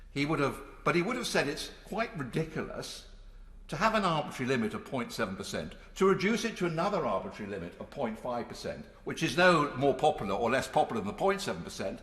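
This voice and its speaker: A man's voice: on the high side, a bit bright. A man in his sixties giving an emphatic, rhetorical parliamentary speech with touches of dry sarcasm. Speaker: member of parliament. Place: large debating chamber. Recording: echoey chamber with long reverb.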